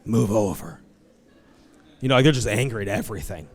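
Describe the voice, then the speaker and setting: A man preaching a conversational, animated sermon as pastor, acting out quoted voices. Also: fairly low pitch, rapid-fire. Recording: long hall reverb.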